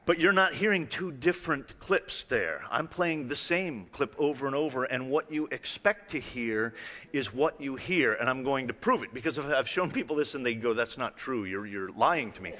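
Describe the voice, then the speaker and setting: A man speaks to a live audience in a large hall, his voice bright and forward. He talks casually and playfully, with lots of questions thrown out to the room. A long hall reverb trails each phrase. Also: medium pitch, moderate pace. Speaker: illusionist presenter. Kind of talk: live stage talk with demonstrations.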